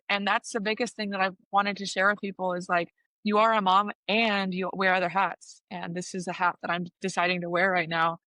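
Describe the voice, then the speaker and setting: A woman in her thirties, a softball coach and player, talking earnestly about motherhood in an interview. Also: medium pitch, little pitch movement, fairly quick, no room sound. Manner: earnest and reflective, with restarts. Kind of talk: casual interview chat.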